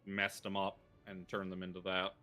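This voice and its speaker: A man's voice: low-pitched, monotone, normal speed, sharp tone, soft background music. A man narrating as game master, rambling loosely with frequent ums and chuckles.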